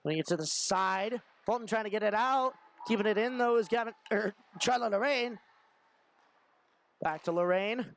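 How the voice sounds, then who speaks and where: A young man giving fast running play-by-play of a hockey game, shouting when shots and goals come. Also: high voice, a little hiss or hum. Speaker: play-by-play commentator. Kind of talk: amateur hockey play-by-play commentary.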